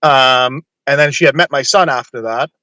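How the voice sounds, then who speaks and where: A man's voice: medium pitch, moderate pace, sharp tone, no room sound. A man casually telling a long personal story on a podcast, blunt and swearing freely.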